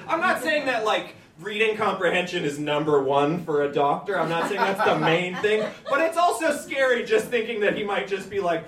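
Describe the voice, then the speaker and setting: A high-pitched man hosting a comedy night, bouncing into frantic acted-out voices between jokes. He is recorded from a distance in a roomy, echoing venue. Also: moderate pace, crowd noise. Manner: animated, acts out panicked voices. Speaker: comedy show host. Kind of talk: stand-up comedy. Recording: echoey room recorded from a distance.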